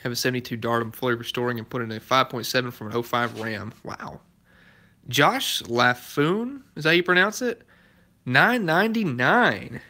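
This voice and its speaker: This man's voice is bright, forceful and brisk, sitting mid-range in pitch, with a Southern United States accent. A car restoration YouTuber, he runs a casual live stream in his garage, answering viewer comments in an easygoing, chatty manner and chuckling along the way.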